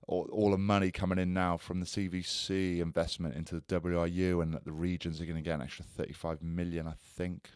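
A man's voice: low voice, little pitch movement, fairly quick, smooth, dry recording, studio quality. A man in his thirties, a former rugby player co-hosting a casual podcast and telling chatty anecdotes. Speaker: podcast co-host. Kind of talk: casual chat.

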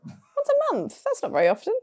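A woman's voice: extremely high pitch, huge pitch swings, brisk, dark tone. A woman in her twenties co-hosting a casual podcast, chatty and teasing, laughing often. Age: 20s. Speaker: podcast co-host. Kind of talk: casual podcast chat, quickfire quiz.

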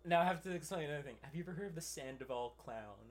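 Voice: mid-range voice, expressive, rapid-fire, a little hiss or hum. A podcast co-host in casual chat, rambling and laughing, swearing and saying "like" constantly.

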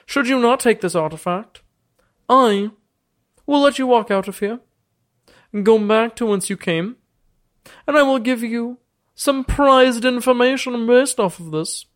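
Casting: boastful ancient male ruler, played by a man, high, pompous and theatrical. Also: measured pace, pauses often, fairly bright tone, no echo. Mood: scheming.

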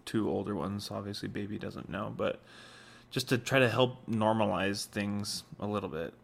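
A young man co-hosting a podcast, talking in an earnest, reflective way, pausing and filling with "like.". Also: lowish voice, gravelly. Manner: earnest, reflective, halting with many "like" fillers. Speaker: podcast co-host. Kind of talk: casual conversation.

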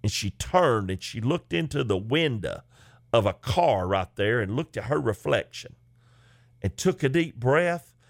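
Animated comedian telling a story. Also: male voice, mid-range voice, measured pace, gravelly, no room sound, clean studio sound. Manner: animated, folksy, chatty. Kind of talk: comic storytelling.

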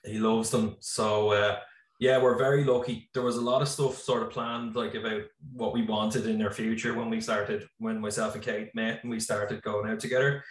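A man's voice: fairly low pitch, normal speed. An Irish man in his thirties, a farmer and business founder, talking casually on a video call with lots of fillers. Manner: relaxed, rambling, many fillers. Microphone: computer mic on video call. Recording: echoey room, slightly distant mic.

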